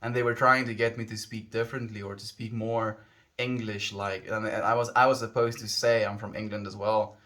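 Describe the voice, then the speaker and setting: With a flat delivery, fairly low pitch, a slightly bright tone and moderate pace, a South African livestreamer talks casually to his viewers. His accent is South African, and his musings meander, often revised partway through a sentence.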